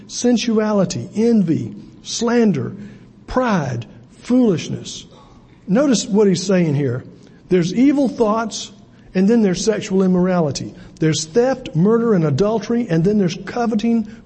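A man's voice: high-pitched, warm tone, slightly rough. A man preaching a sermon as pastor, talking conversationally with asides and repeated words. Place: church sanctuary. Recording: long hall reverb.

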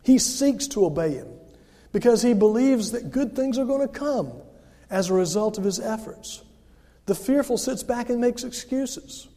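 A male pastor preaches in a loose, conversational way and pokes fun at himself. His voice sits high for a man but sounds dark and mellow. A long reverb from a big church hall trails after every phrase. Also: lively intonation, moderate pace. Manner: conversational, self-deprecating, acts out quoted voices. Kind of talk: sermon.

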